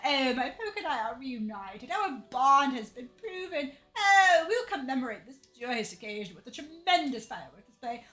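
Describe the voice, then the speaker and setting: A woman voicing a pompous, theatrical rich man who gushes in drawn-out exclamations. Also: sits high, sing-song, bright, forceful tone, full character voice. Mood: gushing.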